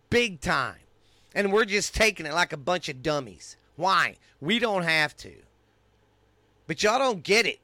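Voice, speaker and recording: A man's voice: high voice, sharp tone, no echo. A middle-aged man with a Texan accent, hosting a podcast and delivering an angry, profane rant in his own voice. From United States. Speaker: podcast host. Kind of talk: ranting monologue.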